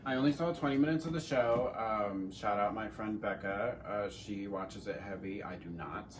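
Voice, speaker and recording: A man's voice: on the low side, normal speed, far from the mic, a little hiss or hum. A teenage man co-hosting a casual Q&A chat, rambling and joking with some swearing. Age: teens. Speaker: co-host.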